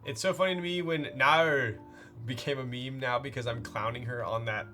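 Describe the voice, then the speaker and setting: A man's voice: medium pitch, expressive, fast, bright, forceful tone, faint music behind. A man streamer talking casually while building a keyboard, rambling and playful, with lots of fillers. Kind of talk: casual live-stream chat.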